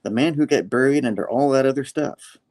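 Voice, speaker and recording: A man's voice: mid-range voice, a little fast, a little mellow, pitched above the performer's own voice, close to an everyday voice. Male reviewer doing eager young hero, lifted voice, loose paraphrase. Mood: urgent. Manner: paraphrased lines in a loose, chatty retelling. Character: earnest young male superhero, eager and loyal.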